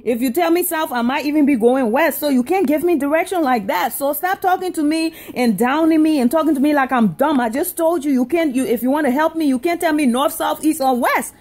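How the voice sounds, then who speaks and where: Woman from Africa, comedic rant, indignant, repetitive, high voice. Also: brisk, hardly any pauses, a little mellow. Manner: indignant, repeats herself for emphasis. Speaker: comedic storyteller.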